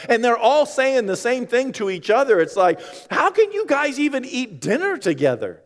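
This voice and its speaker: A man's voice: very high-pitched, big pitch swings, normal speed, few pauses, in a large hall. A man preaching a sermon in a conversational way, with joking asides to the congregation. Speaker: pastor.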